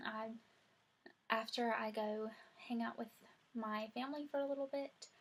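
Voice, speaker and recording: A woman's voice: a little high, fairly even intonation, normal speed. A young woman, chatting casually through a makeup tutorial and saying "y'all" a lot. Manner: chatty, rambling, says "y'all" often. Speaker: beauty vlogger.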